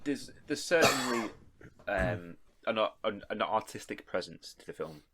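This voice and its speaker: A man co-hosting a podcast in a casual film discussion. He is animated, laughs often and stumbles through restarts. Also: fairly low pitch, measured pace. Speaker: podcast co-host.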